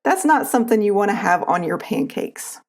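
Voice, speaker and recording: A woman with an Appalachian accent, calmly explaining a recipe step by step as a cooking channel host. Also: medium pitch, brisk. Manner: calm, instructive, homespun. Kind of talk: recipe tutorial voice-over.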